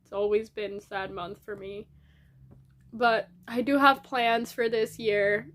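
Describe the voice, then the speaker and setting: A woman's voice: fairly high pitch, steady tone, a bit bright. Tearful young woman rambling to camera. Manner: rambling, halting, frequent restarts and fillers. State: tearful, crying. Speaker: vlogger. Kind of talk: casual diary vlog. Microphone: camera in front of her.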